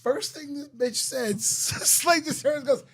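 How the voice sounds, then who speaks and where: A man with a Texan accent, a comedian telling a road story in casual chat, excitable and full of swearing. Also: very high voice, a little slow, no room sound, faint music behind. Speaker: comedian guest.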